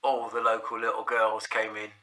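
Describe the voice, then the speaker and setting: A man's voice: lowish voice, monotone, moderate pace, sharp tone. A man with a South London accent telling a rambling, sweary anecdote full of restarts and fillers. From South London, England. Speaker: storyteller. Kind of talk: casual anecdote.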